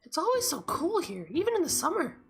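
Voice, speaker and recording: Woman doing a sweet, high-voiced schoolgirl, earnest and soft, with music under it. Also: huge pitch swings, a little fast, full character voice. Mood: wistful. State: hoarse throat. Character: gentle teenage schoolgirl, earnest big-sister type. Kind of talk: voice-acting a visual novel.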